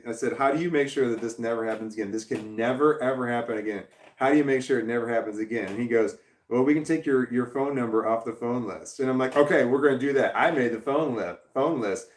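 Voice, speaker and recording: A man's voice: mid-range voice, reverberant. A man on a casual livestream, ranting heatedly and swearing, with laughs between sentences. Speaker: vlogger.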